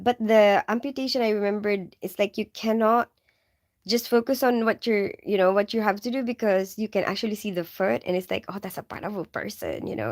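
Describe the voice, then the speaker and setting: A woman's voice: mid-range voice, a little mellow. A woman from the Philippines with a mixed Filipino and English accent, a nurse chatting casually on a livestream, giggling often and leaning on "like" and "you know". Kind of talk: casual livestream chat reading viewer questions.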